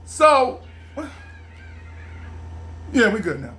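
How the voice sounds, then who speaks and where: Bright-voiced man telling a rambling story. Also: wildly swooping pitch, very slow. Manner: rambling, repeats phrases, laughs often; mimics his mother in a lower murmur. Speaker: vlogger. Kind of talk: casual storytelling monologue.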